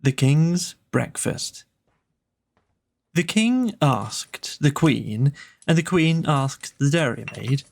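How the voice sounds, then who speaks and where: Storyteller reading children's verse, slow and gravelly, rhythmic. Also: male voice, fairly high pitch, lively intonation. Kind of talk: reading children's poems aloud.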